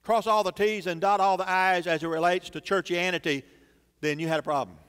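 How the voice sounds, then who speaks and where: A man's voice: high-pitched, fairly even intonation, a little fast, fairly bright tone, clear, resonant tone. A man preaching a sermon as pastor, building emphasis through dramatic repetition in a church sanctuary. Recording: long church reverb.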